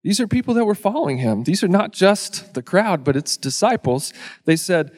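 A man preaching a sermon in a casual, joking way, acting out the crowd's lines in quick asides. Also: fairly high pitch, animated, darkish tone. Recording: long hall reverb.

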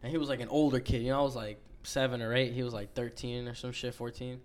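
A man's voice: mid-range voice, flat delivery, fast. Young man, casual storyteller, loose slangy delivery, swears a lot. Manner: laid-back storytelling, heavy profanity, slangy. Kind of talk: casual chat.

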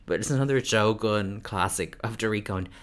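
A woman co-hosting a casual chat podcast, animated, laughing often and mimicking quotes. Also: very deep voice, normal speed. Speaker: podcast co-host.

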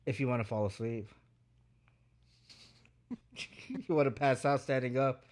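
A man's voice: mid-range voice, brisk. A man co-hosting a hobby podcast in loose, joking chat, swearing freely and laughing often. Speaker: podcast co-host.

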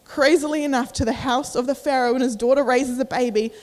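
A woman's voice: high-pitched, fairly even intonation, fairly quick, a little mellow. Chatty young woman preaching in a hall. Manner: chatty, many "like" fillers, acts out inner voices. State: out of breath. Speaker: youth preacher. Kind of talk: casual sermon. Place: church. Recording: echoey church hall.

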